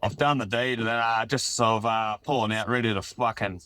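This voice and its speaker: A man's voice: lowish voice, steady tone, a little fast, sharp tone, dry recording. A man with an Australian accent calling in to a podcast, telling a rowdy, swearing anecdote in casual storytelling style. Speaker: caller. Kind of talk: crude storytelling call-in.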